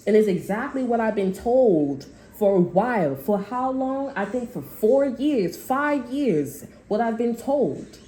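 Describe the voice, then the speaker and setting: A woman's voice: a little high, animated, unhurried, few pauses, dark tone. A woman tarot reader in a casual, rambling spiritual monologue, blunt and full of swearing. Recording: echoey room.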